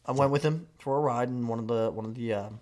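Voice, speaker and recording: Deadpan, profane man joking on a podcast. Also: medium pitch, quick pace. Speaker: podcast co-host. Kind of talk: casual comedic banter. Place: home basement.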